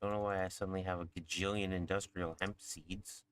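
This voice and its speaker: A man's voice: deep voice, little pitch movement, brisk, clean tone. A man talking casually and wryly about his game as he plays with a friend. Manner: wry, commenting on his play. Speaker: co-player. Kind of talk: casual gaming chat.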